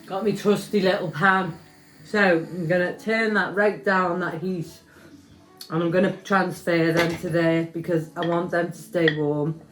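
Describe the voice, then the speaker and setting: Soft music plays behind a home cooking vlogger as she talks to her viewers, chatty and self-mocking, in her echoey kitchen with pans clattering. Her fairly low voice stays steady in tone and unhurried.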